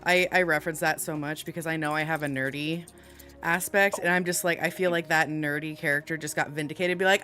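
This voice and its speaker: A woman's voice: low voice, steady tone, a little fast, pushed and bright, soft background music. A woman running a tabletop game as dungeon master, chatty and laughing often with her players. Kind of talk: casual game session chat.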